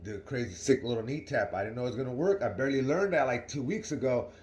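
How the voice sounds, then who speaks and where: A man's voice: mid-range voice, lively intonation, quick pace, a little mellow, reverberant, a little hiss or hum. A young man telling a story casually to his viewers in a slangy, rambling way, often asking "right?". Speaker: vlogger.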